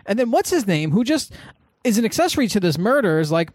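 Animated high-voiced man riffing on a movie. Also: quick pace, no room sound, clean studio sound. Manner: animated, profane, acts out quoted lines. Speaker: podcast co-host. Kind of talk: casual movie review chat.

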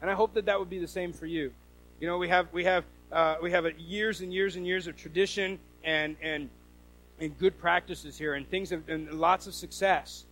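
A pastor preaching a sermon in a high voice for a man. He keeps it conversational, restarting phrases and asking the congregation rhetorical questions. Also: fairly even intonation, normal speed, fairly bright tone, low-quality recording.

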